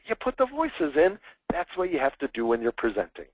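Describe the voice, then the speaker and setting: A man presenting a public speaking webinar with a lively, swooping voice that climbs high and drops low. He talks with energy and acts out examples in playful mock voices. The sound is dry and close. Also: brisk, no echo, rough recording.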